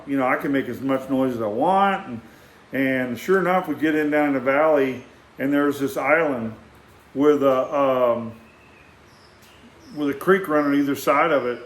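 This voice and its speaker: An older man, telling a rambling personal story in an animated way, acting out sounds and often restarting his sentences. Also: mid-range voice, measured pace, reverberant.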